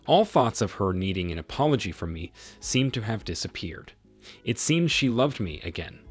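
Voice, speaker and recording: A man's voice: fairly low pitch, big pitch swings, moderate pace, slightly rough. A middle-aged man narrating a first-person story with dry sarcasm, over faint music. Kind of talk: scripted narration.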